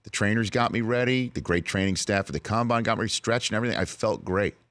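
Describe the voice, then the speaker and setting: A man in his late forties with a very low, deep voice, recounting a personal story on a sports talk show. He speaks earnestly and grows emotional at times. The studio sound is dry and close. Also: fast talker, a bit bright, no room sound. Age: 40s. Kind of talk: casual chat. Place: radio studio.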